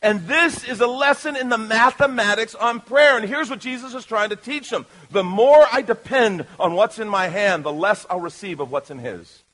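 A man preaching a sermon as pastor, lively and playful, swinging from loud calls to the crowd to quiet asides. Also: sits high, moderate pace, few pauses, low-quality recording.

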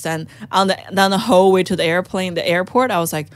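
Chinese-accented woman telling a lively story. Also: fairly low pitch, fast, no room sound. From China. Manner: animated, acts out quoted voices, non-native grammar. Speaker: comedian guest. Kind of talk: casual podcast storytelling.

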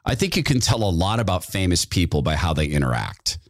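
A man hosting his own talk show, telling a personal story with lively delivery and acting out the voices of the people he quotes. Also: sits low, a little fast, dry recording, studio quality. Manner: animated, acts out quoted voices. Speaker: radio show host. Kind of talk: storytelling monologue.

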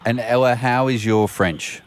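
A man's voice: medium pitch, fairly even intonation, measured pace, no echo. A man with an Australian accent co-hosting a radio show, joking cheekily and laughing often. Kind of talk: casual radio banter.

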